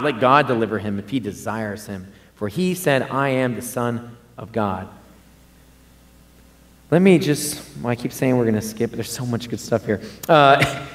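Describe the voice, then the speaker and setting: A man preaching a sermon in a conversational way, often repeating and restarting words and rising for emphasis. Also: a little high.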